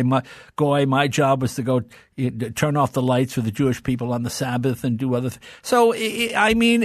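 Older man, guest, animated storyteller, does voices, dry studio sound. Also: fairly high pitch, no echo. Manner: animated, fond of doing voices. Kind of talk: storytelling in casual conversation.

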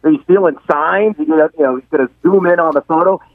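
A man's voice: a little high, quick pace, no room sound. Blunt man on a tinny phone line. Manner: blunt, dismissive. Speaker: regular guest analyst. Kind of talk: casual chat.

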